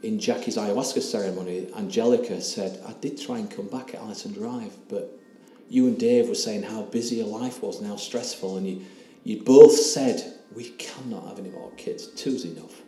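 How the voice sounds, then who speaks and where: A man's voice: lowish voice, dark tone. Emotional older man telling a story. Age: 60s. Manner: earnest, emotional, halting retelling with quoted dialogue. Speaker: interview guest. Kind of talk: personal storytelling in an interview. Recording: roomy echo with faint background hiss.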